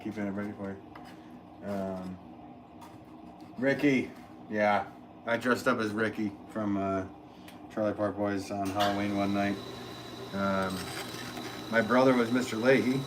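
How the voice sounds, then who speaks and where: Rambling low-voiced man, noisy studio. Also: measured pace, long pauses. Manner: rambling, chatty, many fillers and restarts. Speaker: potter livestreaming. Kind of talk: casual livestream chat reading comments. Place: pottery studio. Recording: steady noise in the background.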